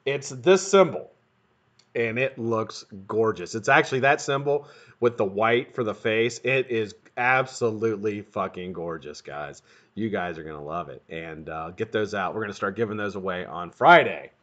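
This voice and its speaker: Middle-aged male stream host, bright lively delivery, dull lo-fi audio. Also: fairly low pitch, moderate pace. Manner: lively, profane, greets viewers one after another. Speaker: livestream host. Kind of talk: casual live-stream chat.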